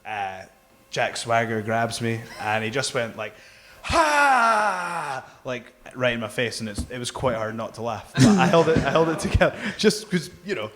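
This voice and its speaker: A man's voice: mid-range voice, brisk, crowd noise. Rambling man telling stories. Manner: rambling, self-mocking, laughs often. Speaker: guest wrestler. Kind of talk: casual anecdote telling. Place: live podcast stage.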